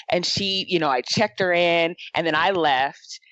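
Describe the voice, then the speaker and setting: A woman's voice: lowish voice, measured pace, dry recording, highs cut off. A woman who owns a salon, telling stories in a casual panel talk and acting out the people she quotes. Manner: animated storyteller acting out quoted voices. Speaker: salon owner, guest. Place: Michigan.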